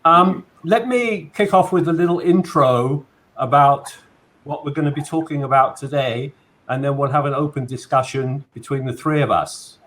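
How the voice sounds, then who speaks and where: A man hosting a video call interview in a friendly, relaxed way, with frequent fillers. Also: a little high, normal speed. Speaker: host.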